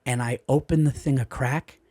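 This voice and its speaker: A man, a comedian on a podcast, telling a story in an animated, profane way and acting out the voices of the people in it. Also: mid-range voice, normal speed. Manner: profane, excitable, acts out voices. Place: podcast studio. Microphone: studio mic.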